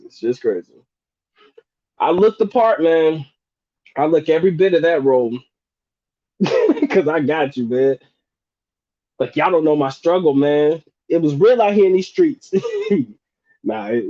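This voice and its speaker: A man hosts a live stream and riffs on viewers' questions in loose, slangy, joking talk, laughing often. His voice sits a little high but sounds dark and mellow. The stream audio is muffled and lo-fi. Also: dry recording. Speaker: livestream host answering chat questions. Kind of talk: casual live Q&A chat.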